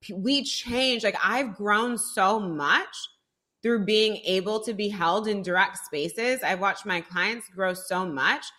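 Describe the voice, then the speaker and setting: Woman, podcast guest, business mentor, emphatic, swears freely, bright voice. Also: medium pitch, slow pace. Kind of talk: casual chat.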